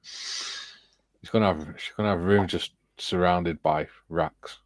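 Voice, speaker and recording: A man's voice: sits low, takes it slowly, no room sound. A man hosting a casual livestream, reading viewers' chat messages aloud and chatting with his panel. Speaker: livestream host.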